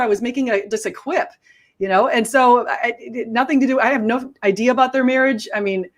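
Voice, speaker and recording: A woman hosting a casual video chat, telling a story with animated quoted asides and frequent restarts. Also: fairly high pitch, a little fast, a little hiss or hum. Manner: animated storytelling, quoting others. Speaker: host.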